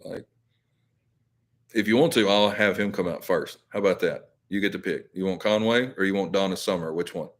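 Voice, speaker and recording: Man, very deep voice, rambling live-stream host who talks to his viewers. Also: normal speed. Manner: rambling, filler-heavy, self-correcting. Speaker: YouTube channel host.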